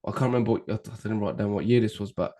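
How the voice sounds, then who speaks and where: A man, co-hosting a podcast in casual chat, relaxed and trailing off mid-sentence, swearing in passing. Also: lowish voice, rapid-fire. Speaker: podcast co-host.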